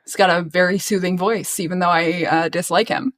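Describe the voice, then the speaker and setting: A woman's voice: lowish voice, fairly even intonation, brisk. Joking young woman co-hosting. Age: young adult. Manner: joking, teasing, laughs often. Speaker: podcast co-host. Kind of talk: casual pop culture chat.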